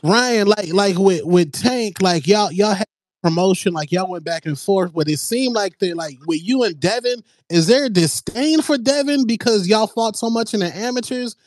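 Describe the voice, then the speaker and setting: A man's voice: high voice, moderate pace, no room sound. A man in casual chat, laid-back and slangy, asking questions. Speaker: participant in the audio chat.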